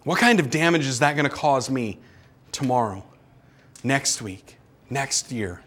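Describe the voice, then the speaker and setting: A male pastor preaching a sermon, pressing his listeners with repeated rhetorical questions and swinging between urgent and hushed. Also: medium pitch, lively intonation, measured pace.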